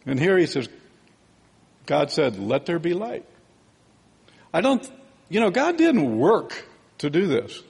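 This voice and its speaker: A man preaches in a loose, chatty teaching style, tossing in "right?" and "okay?" as he goes. His voice is gravelly and a little husky, sitting slightly high for a man. The sound rings with the long reverb of a large hall. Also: wildly swooping pitch, a little slow, long pauses, a little mellow. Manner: conversational, digressive Bible teaching with frequent "right?" and "okay?". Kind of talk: sermon.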